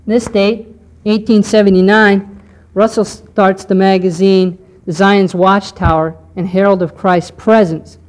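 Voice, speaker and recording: A woman teaching a history lesson to a class, explaining step by step and often pausing to check in with "okay". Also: medium pitch, flat delivery, darkish tone. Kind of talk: lecture on church history.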